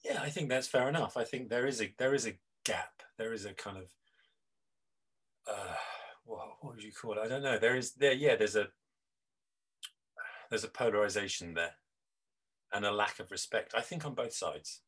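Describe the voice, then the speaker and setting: A man's voice: on the low side, normal speed, pauses often, fairly bright tone, breathy edge, low-quality recording. A middle-aged man, a guest on an interview, talking reflectively with many restarts and fillers. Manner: rambling, with frequent restarts and fillers. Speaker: guest, improv teacher.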